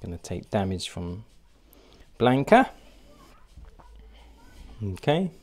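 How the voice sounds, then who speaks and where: A man's voice: lowish voice, big pitch swings, slow pace. A man narrating a solo board game playthrough, thinking aloud and hesitating with fillers as he works out each move.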